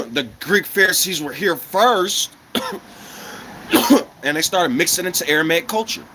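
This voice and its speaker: Here an American man with a high, expressive voice speaks a little slowly, with background noise behind him. He addresses his viewers in a furious, foul-mouthed monologue, coughing from time to time. He is blunt and combative and leans on repeated rhetorical questions.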